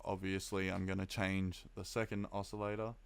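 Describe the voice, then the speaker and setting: A young Australian man, a bit tired, casually explaining synth sounds on a live stream, chatty and quick to laugh. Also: deep voice, vocal fry, clear, resonant tone. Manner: relaxed, chatty, reads chat aloud, laughs often. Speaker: music producer streaming.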